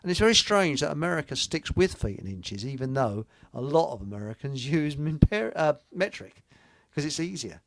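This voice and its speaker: A man's voice: fairly high pitch, sing-song, moderate pace, gravelly, a bit bright. An older man hosting a casual radio chat, rambling and joking as he reads out listener comments. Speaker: host.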